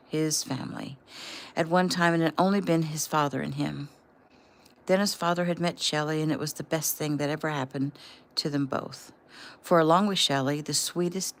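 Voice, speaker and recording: A woman casually reading aloud from her own novel, relaxed and unpolished, with the odd slip. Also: low-pitched. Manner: relaxed and unpolished, with small slips.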